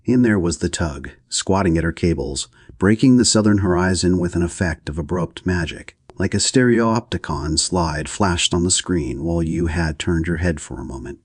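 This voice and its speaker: A man reading an audiobook in a deep, husky voice. He keeps a measured, steady pace, and the sound is dry and close. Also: dry recording. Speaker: audiobook narrator. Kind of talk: audiobook narration.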